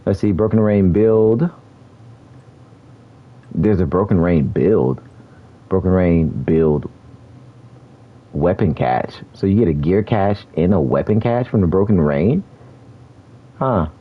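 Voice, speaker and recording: Slow and pausing often, a man with a low voice chats casually through his gameplay as a streamer, laughing frequently and using plenty of slang. The audio comes across narrow and tinny.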